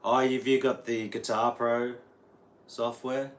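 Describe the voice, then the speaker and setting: A man's voice: mid-range voice, flat delivery, slow pace, a little hiss or hum. An Australian man, a guitar teacher, rambling casually on a livestream and answering viewers' chat. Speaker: guitar teacher streaming live.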